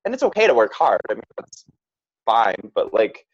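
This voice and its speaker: A man's voice: on the low side, big pitch swings, moderate pace, slightly rough. A man speaking as a podcast guest, earnest and frank, with many "like"s and "right?"s. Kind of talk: casual reflective chat. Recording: slightly dull lo-fi sound.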